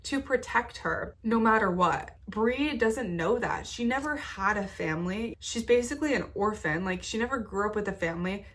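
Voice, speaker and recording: Woman vlogger with a sick voice, casual and emotionally invested, moderate pitch. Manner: chatty, filler-heavy, emotionally invested. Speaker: book vlogger. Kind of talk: casual reading vlog recap.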